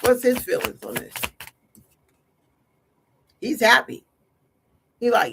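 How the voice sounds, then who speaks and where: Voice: medium pitch, slow pace, creaky, fairly bright tone. A tarot reader hosting a casual livestream, talking in a blunt, slangy, scolding way. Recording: noisy livestream audio.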